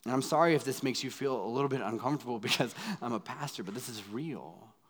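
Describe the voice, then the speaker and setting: A man in his thirties, a pastor preaching a sermon in a dramatic way, going from loud pleading to hushed asides. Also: mid-range voice, fast, a little hiss or hum. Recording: long hall reverb.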